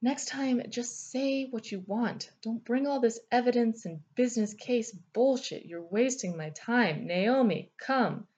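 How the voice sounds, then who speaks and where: A woman's voice: on the high side, a little slow, few pauses, a little mellow, highs cut off, voice pushed up, lightly acted. A woman voicing an arrogant, sarcastic male elemental king who speaks in a curt, contemptuous, mocking way. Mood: scornful.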